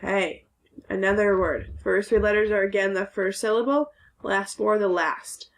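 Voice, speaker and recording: A woman's voice: mid-range voice, normal speed. A woman teacher giving a recorded phonics lesson to second graders, sounding out letters and syllables carefully.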